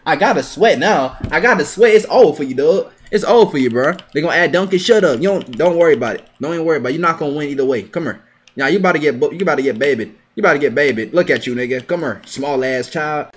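A young man giving live gameplay commentary, trash-talking his opponents with heavy profanity and sudden bursts of yelling. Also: a little high, animated, quick pace, husky. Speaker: gaming video creator.

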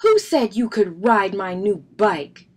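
A woman reading aloud, voicing an excitable young boy bear cub in a storybook who talks loud and whiny. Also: fairly high pitch, measured pace, voice pushed up. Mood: upset.

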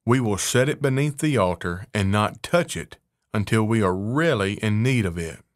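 A man voicing a sly, greedy female cat who coaxes smoothly. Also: lowish voice, expressive, normal speed, dry recording, clean studio sound, lightly acted. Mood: advising.

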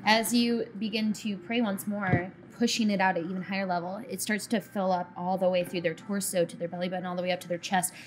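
A woman's voice: mid-range voice, fairly even intonation, fast talker, few pauses, noisy background. A woman narrating as game master in a casual, filler-heavy way.

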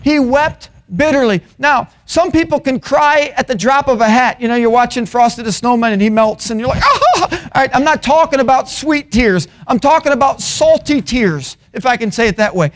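High-voiced preacher, loud and soft by turns. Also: male voice, moderate pace, few pauses. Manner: swings from loud emphatic peaks to low quiet asides. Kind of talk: sermon. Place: college chapel.

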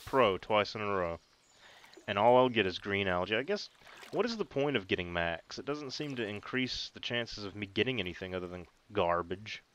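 A gaming video host with a fairly low voice gives casual gameplay commentary at normal speed, joking at his own expense and getting excited over small wins. A steady hiss runs under the home recording.

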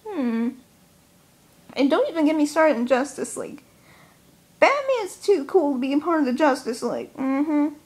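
Young woman vlogging, high voice, chatty and excitable, pokes fun at herself. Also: normal speed, long pauses. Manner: chatty, excitable, self-mocking. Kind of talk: casual countdown vlog.

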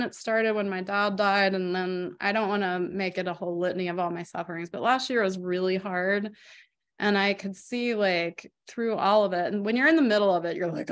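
A woman's voice: medium pitch, smooth. A middle-aged woman, teaching a parish faith class in a personal, conversational way with many fillers. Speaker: RCIA catechist. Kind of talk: casual teaching talk.

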